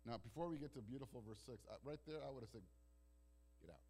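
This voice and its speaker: Preaching in a conversational, storytelling style, a male pastor of Italian heritage shifts between soft, hushed lines and loud, emphatic bursts. His mid-range voice is slightly rough, and he speaks at a racing pace.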